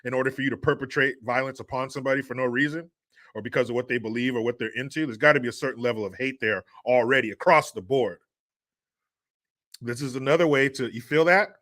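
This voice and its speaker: A man's voice: medium pitch, fairly even intonation, fast talker, fairly bright tone. A man hosting a podcast, ranting in a crude, mocking, profane way and laughing scornfully. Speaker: podcast host. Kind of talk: solo commentary rant.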